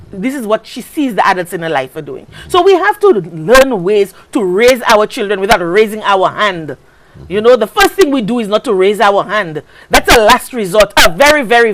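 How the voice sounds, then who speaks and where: A woman with a Saint Lucian accent hosting a talk show, speaking with passion and repeating phrases for emphasis. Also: mid-range voice. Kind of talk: impassioned talk show commentary. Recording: noisy recording.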